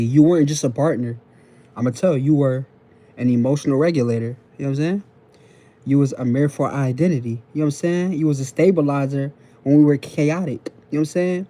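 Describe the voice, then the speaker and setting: This TikTok live host talks from his phone in a warm, mid-range voice, lecturing viewers in casual slang. He's preachy and repetitive, going over each point again and checking in with his audience.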